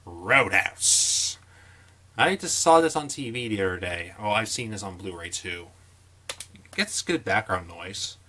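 A young man casually talking through his movie collection, with jokey asides and quick opinions. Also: on the low side, expressive, fairly bright tone. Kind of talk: casual vlog commentary.

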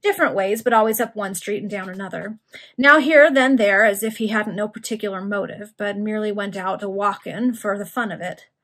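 A woman reading aloud, voicing a gruff, rough-spoken male thief who talks in slang. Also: mid-range voice, a little fast, fairly bright tone. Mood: reporting. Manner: growling, slangy dialect.

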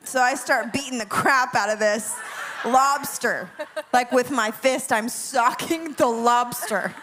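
A woman worship leader telling a funny dream story, animated and dramatic, laughing as she goes. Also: on the high side, slow pace, a little hiss or hum. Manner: animated, laughing often, dramatic self-mocking asides. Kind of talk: humorous dream storytelling to a class.

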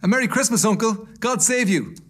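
A man voicing a cheerful young nephew, bright and pleading. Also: high voice, expressive, normal speed, voice pushed up.

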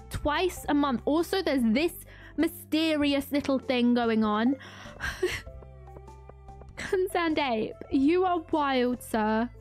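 A young woman streaming a farming game, gushing and self-mocking as she chats to her viewers. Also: high voice. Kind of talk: excitable live-stream commentary.

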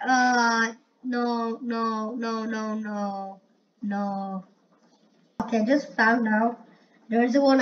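A fairly high-voiced woman talks through a game in casual commentary. She gets excitable and breaks into loud exclamations. The recording sounds muffled and lo-fi with a faint hiss. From India. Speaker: gamer.

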